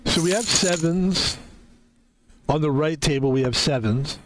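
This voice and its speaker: A man with a fairly high-pitched voice talks a little slowly while streaming a card game, with background noise audible. His commentary is casual and rambling, full of jokes and free swearing.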